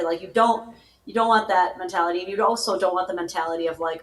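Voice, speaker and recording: A woman's voice: on the low side, fairly quick, roomy sound, low-quality recording. A woman guest in a live chat, talking casually and laughing often.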